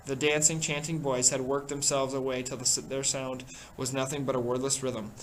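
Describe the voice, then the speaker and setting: A man reading a novel aloud in steady, measured narration. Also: medium pitch, a little hiss or hum, poor audio. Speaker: reader.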